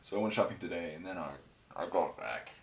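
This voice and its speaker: A tired man chats through a painting session in a low, rambling voice. He is offhand and amused at himself. The room gives his voice a clear echo. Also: expressive, a little fast. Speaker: painting channel host. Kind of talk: casual chat while painting miniatures. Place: home, near a garage. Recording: roomy echo.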